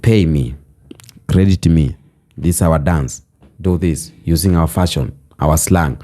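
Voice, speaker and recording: A man's voice: extremely low pitch, unhurried, warm tone. A man delivering a passionate vlog monologue, emphatic, building his points with repeated phrases in a preaching cadence. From Kenya. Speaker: vlogger. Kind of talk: passionate social commentary monologue.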